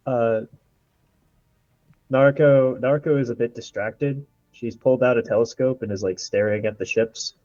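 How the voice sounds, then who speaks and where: Mellow-voiced tabletop player. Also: male voice, mid-range voice, fairly even intonation, normal speed, dry recording, dull audio. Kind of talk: tabletop role-play.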